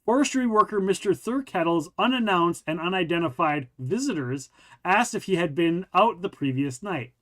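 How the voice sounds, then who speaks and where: A man's voice: high-pitched, lively intonation, normal speed, a bit bright. A man hosting a casual podcast, chatting with a friend and reading a news article aloud, often stumbling and rereading lines. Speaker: podcast host.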